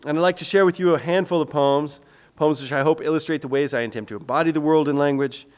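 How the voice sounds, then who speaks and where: Man reading poetry in a reverberant hall. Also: mid-range voice. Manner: measured, rhythmic reading. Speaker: guest lecturer and poet. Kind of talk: public lecture with poetry reading. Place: lecture hall.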